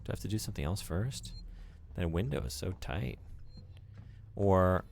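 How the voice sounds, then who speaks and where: A man's voice: sits low, lively intonation, moderate pace, vocal fry, darkish tone, a little hiss or hum. A male streamer chatting casually with viewers while thinking aloud through a game. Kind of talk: casual live-stream gameplay chat.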